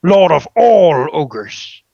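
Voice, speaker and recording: Brute ogre, dumb and proud, slow broken speech, performed by a man. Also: fairly high pitch, very animated, creaky, mellow, dry recording, dull audio, exaggerated voice. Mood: boastful. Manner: slow, broken grammar, speaks of himself by name. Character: dim-witted boastful male ogre brute.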